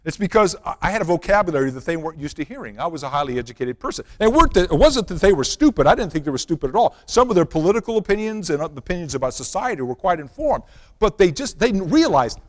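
A male pastor preaching a sermon built around a personal story, swinging from loud, animated passages to hushed, quiet ones. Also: high-pitched, fast. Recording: long reverb of a large hall.

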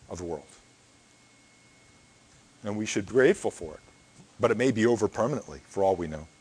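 A middle-aged man preaching a sermon in a conversational way, often checking in with "okay?". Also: medium pitch. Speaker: pastor.

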